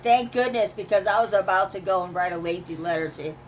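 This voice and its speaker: A woman's voice: mid-range voice, a little fast, slight background noise, rough recording. A woman co-hosting a casual live-stream chat, laughing easily and teasing.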